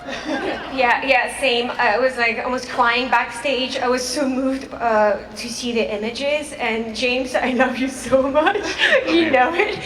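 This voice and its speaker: A woman's voice: on the high side, slow, a bit bright. A woman on a convention panel, giggly and hesitant with many fillers. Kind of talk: panel talk. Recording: echoey hall recorded from far off.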